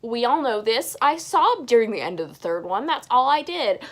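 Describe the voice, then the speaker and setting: A woman's voice: on the high side, very animated, moderate pace. Chatty young woman rambling at home. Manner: chatty and rambling, with frequent restarts and gushing enthusiasm. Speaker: vlogger answering viewer questions. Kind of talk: casual chat. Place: home bedroom.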